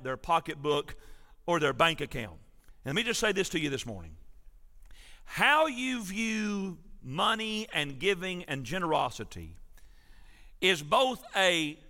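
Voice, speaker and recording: Animated preacher in a reverberant church. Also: male voice, sits high. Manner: animated storytelling preacher, emphatic and rhetorical. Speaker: pastor. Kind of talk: sermon. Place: church sanctuary.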